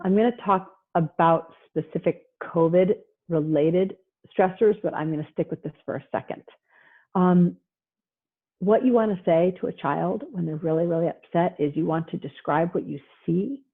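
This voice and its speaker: A middle-aged woman therapist giving a lively online parenting talk, acting out parents and children as she goes. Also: on the low side, measured pace. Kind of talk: animated online presentation. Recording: husky voice over a tinny phone-like line.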